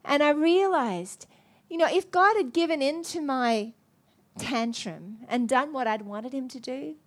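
A middle-aged woman with a high voice, preaching from the pulpit. She tells her story with lively, self-mocking animation. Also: unhurried. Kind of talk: storytelling sermon.

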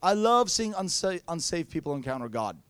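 A man's voice: on the high side, sing-song, a little fast, clear, resonant tone, dry recording. A man preaching a sermon, telling playful stories and acting out quotes. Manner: playful storytelling with acted-out quotes.

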